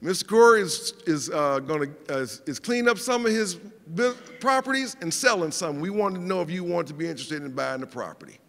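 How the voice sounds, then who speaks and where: A man's voice: on the high side, expressive, brisk, vocal fry, hardly any pauses, fairly bright tone, big-room sound. A man voicing a friendly male property manager with a Southern US country accent, talking eagerly with small stumbles.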